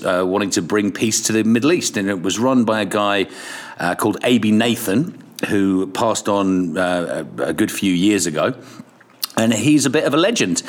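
Irish man telling rambling radio anecdotes. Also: fairly low pitch. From Ireland. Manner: rambling anecdotes with frequent restarts, laughs and swearing. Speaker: radio presenter, podcast guest. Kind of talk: casual storytelling interview.

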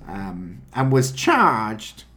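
A man's voice: fairly low pitch, wildly swooping pitch, drawn-out words, bright, forceful tone. A man co-hosting a podcast, talking through news stories in a wry, casual way, with many fillers and frequent laughs. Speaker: podcast co-host.

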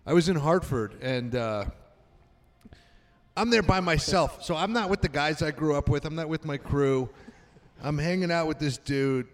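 A man's voice: a little high, big-room sound. A man co-hosting a podcast, telling a profane nightlife story in casual chat with frequent laughs. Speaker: podcast co-host.

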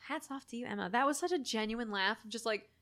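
Young woman gushing about a movie, kinda high voice, says like a lot. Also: fast talker. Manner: animated, swearing, heavy use of "like", jumps into excited shrieks. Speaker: podcast co-host discussing a film. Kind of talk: casual chat.

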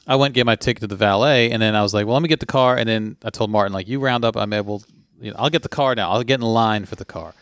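A man telling a story in casual chat, animated, with his voice jumping up when he quotes people. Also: on the low side, fast, no echo, clean studio sound.

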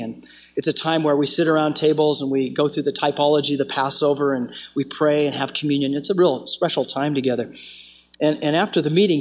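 A man teaching a student fellowship, telling stories in an earnest sermon style and often restarting his phrases. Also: on the high side. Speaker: campus ministry teacher. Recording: dull lo-fi recording.

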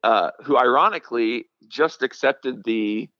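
A young man recounts his past in a casual interview. He talks haltingly, full of "um"s and restarts, and laughs now and then. The audio is dry and a little muffled. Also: mid-range voice, sharp tone, no room sound. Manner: halting, many fillers and restarts, laughs often. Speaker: middle school ministry director, guest.

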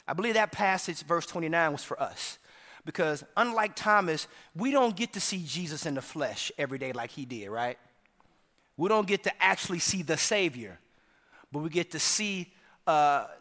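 A male pastor delivering a dynamic sermon, swinging between shouted peaks and hushed lines and often checking in with the congregation. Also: on the high side, animated, unhurried, big-room sound. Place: church sanctuary.

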